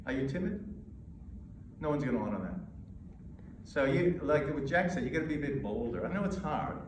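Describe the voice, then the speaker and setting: A man's voice: mid-range voice, big pitch swings, recorded from a distance, a little hiss or hum. Emphatic American man lecturing in an echoey hall. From United States. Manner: emphatic, with pauses and demonstrations. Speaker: presentation coach. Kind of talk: lecture to a live audience. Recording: echoey hall recorded from afar.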